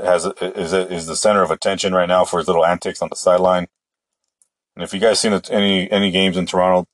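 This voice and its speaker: Male sports podcast host, deep voice, opinionated rambler, dry close-mic sound. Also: no echo. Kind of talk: casual solo sports talk.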